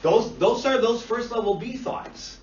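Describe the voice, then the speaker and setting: A man teaching a class, blunt and animated, swearing freely and acting out what clients say. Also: very high voice, a little slow, slight background noise. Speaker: instructor. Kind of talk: classroom lecture. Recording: far-off echoey lo-fi classroom recording.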